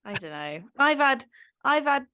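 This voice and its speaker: A woman's voice: high voice, big pitch swings, a little slow, bright, forceful tone, dry recording. A woman co-hosting a casual podcast, giving frank, blunt opinions with some mild swearing. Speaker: podcast co-host. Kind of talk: casual recap chat.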